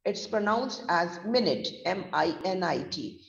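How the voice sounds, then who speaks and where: Slow Indian woman trainer, echoey. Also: fairly low pitch, lively intonation, gravelly. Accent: Indian English. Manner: slow deliberate spelling-out, mixing Hindi. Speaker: pronunciation trainer. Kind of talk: online vocabulary lesson. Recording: echoey distant lo-fi room mic.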